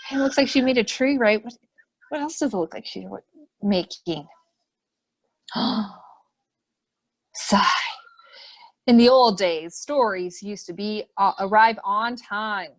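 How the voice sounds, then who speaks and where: A woman hosts a webinar for preschoolers, reading a picture book aloud over a computer mic. Her voice sits high and swoops widely as she fills each page with gasps and questions for the children. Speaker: children's program host.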